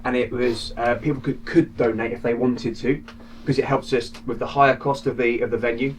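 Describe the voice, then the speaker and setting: A man's voice: mid-range voice, level tone, brisk, slight background noise. Hesitant man speaking from a distance. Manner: hesitant, with frequent restarts. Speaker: property investor, project spokesman. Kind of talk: casual explanatory talk. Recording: distant mic with faint outdoor ambience.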